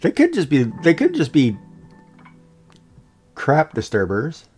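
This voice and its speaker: A man's voice: on the high side, huge pitch swings, slow, darkish tone, breathy edge, soft background music. A man hosting a livestream, chatting casually and jokingly with viewers. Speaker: livestream host.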